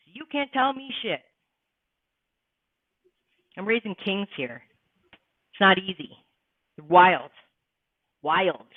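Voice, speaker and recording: A woman's voice: a little high, dry recording. A woman hosting a casual live-stream chat, talking bluntly and emphatically with plenty of swearing. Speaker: livestream host. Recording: tinny phone-like sound, dry.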